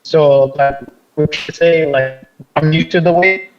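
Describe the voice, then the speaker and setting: A man calling in to a livestream, talking in a halting, rambling way with many fillers. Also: on the high side, fairly even intonation. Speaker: caller. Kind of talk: casual chat. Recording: dull choppy call line.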